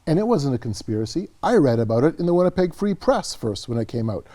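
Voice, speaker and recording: An earnest, lively storyteller, the middle-aged Canadian author talks quickly in a mid-range voice during a conversational interview. Words often get repeated as his anecdotes unfold.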